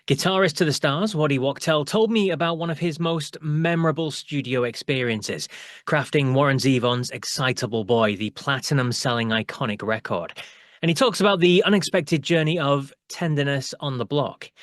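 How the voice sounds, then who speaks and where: Man, higher voice, host, scripted intro, measured delivery, dry close recording. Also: no room sound. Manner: measured, polished voice-over delivery. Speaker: interviewer, show host.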